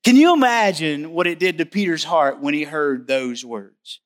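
A man's voice: a little high, big pitch swings, moderate pace, a bit bright. A man preaching a sermon in a church service. He speaks emphatically and repeats key words for stress. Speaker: pastor.

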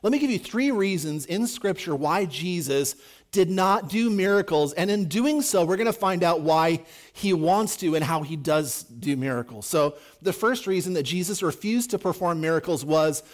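High-voiced preacher giving a sermon. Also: male voice, animated, moderate pace. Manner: conversational, emphatic, acts out quotes. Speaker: pastor.

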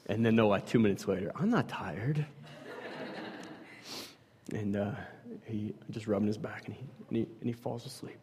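A man telling a personal story about his children to a group, rambling with many fillers and dropping to a hush at times. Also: on the low side, little pitch movement, fairly quick, pauses often. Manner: rambling, many fillers, swings from loud to hushed. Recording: long hall reverb.

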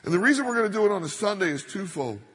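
Brief: middle-aged male pastor, emphatic sermon delivery, slightly husky, long church reverb. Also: high voice, lively intonation, very fast, fairly bright tone. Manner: emphatic, building to stressed points.

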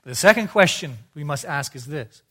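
Emphatic preacher, man with higher pitch. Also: expressive, a little fast. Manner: emphatic, rhetorical questions, swings between soft and loud. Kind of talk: expository sermon.

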